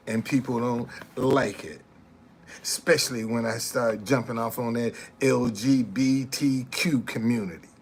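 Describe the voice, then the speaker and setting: A man's voice: mid-range voice, a little hiss or hum. A man, ranting on a casual live stream, repeating himself and heckling commenters. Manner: repeats phrases, heckles chat commenters, laughs loudly.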